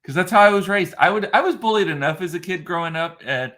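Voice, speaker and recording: A man's voice: sits high, fast, a bit bright. A man from South Texas, talking casually to viewers in a rambling way, full of fillers and restarts, and stopping to answer their comments. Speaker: vlogger. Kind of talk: casual live-stream chat.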